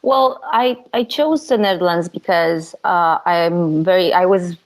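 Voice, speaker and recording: A young woman from Romania, a photographer talking as a guest in a relaxed, chatty way, with fillers and easy laughs. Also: on the low side, a little slow, poor audio. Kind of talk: casual interview chat.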